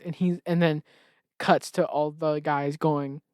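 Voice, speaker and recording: A man's voice: a little high, fairly even intonation, normal speed, a little mellow, clean tone, no echo, studio quality. A man hosting a solo comedy podcast, rambling sarcastically and often cutting himself off. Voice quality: rambling, sarcastic, self-interrupting. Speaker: podcast host.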